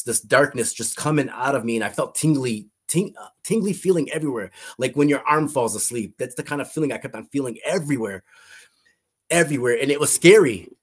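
A middle-aged man with a husky, breathy voice recounts a personal testimony. He speaks earnestly, circling back on his words and restarting sentences as he goes. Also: medium pitch. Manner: earnest, repeats himself, frequent restarts. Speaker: guest sharing a testimony.

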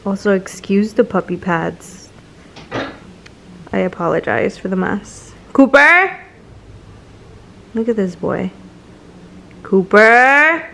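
A woman's voice: medium pitch, steady tone, measured pace, gravelly, pauses often, a little mellow, slight background noise, rough recording. A woman vlogging casually at home, out of breath, chatting and calling to a puppy, dropping in Spanish words. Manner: playful, mixes in Spanish words, coos at a puppy. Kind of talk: casual vlog chat. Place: home indoors.

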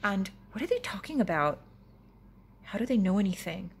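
A woman voicing a chatty young female friend who passes on gossip in rapid, breathless bursts, in a story reading. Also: mid-range voice, sing-song, creaky, breathy edge, full character voice. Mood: gossipy.

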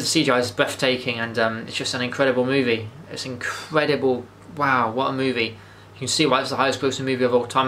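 A man's voice: mid-range voice, bright, forceful tone, a little hiss or hum. A man, rambling enthusiastically through a casual movie review monologue, with frequent restarts and swearing. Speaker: vlogger.

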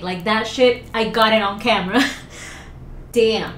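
Excitable, swearing woman in an echoey room. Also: medium pitch, slow pace, slight background noise. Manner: excitable, profane, jumpy. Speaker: reaction video host. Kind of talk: casual reaction commentary. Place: at home.

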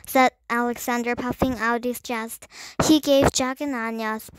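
A woman reading a children's chapter book aloud in a slow, careful way. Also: fairly high pitch, fairly even intonation, smooth, dry recording. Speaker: storybook reader.

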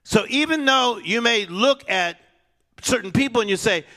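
A man preaching a sermon, swinging between loud exhortation and hushed, low-key storytelling, with soft piano music behind him. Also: lively intonation, normal speed.

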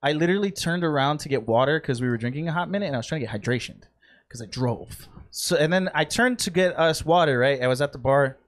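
High-voiced young man telling a rambling story. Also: animated, fast talker. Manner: rambling, profane anecdote-telling with laughs. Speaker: podcast co-host. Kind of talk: casual chat, storytelling.

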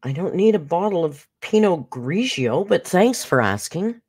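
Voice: mid-range voice, very animated, measured pace, few pauses, darkish tone, husky. Chatty live streamer talking to chat. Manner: chatty, talks straight to the chat, narrates own actions aloud.

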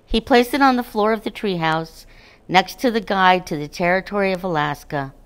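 Calm woman reading a storybook. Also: mid-range voice, normal speed, smooth. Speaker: narrator. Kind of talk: children's storybook read-aloud.

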